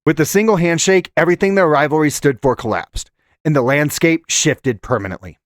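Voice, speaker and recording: A man narrates a scripted countdown with a dramatic, storytelling delivery. His voice sits a little high for a man. The sound is dry and close, with no room in it. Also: fairly quick, no room sound. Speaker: channel host.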